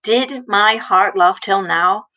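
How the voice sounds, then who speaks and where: A woman reading the lines of a lovestruck young nobleman in verse, slow and wondering. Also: mid-range voice, bright, forceful tone, rough recording. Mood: awed.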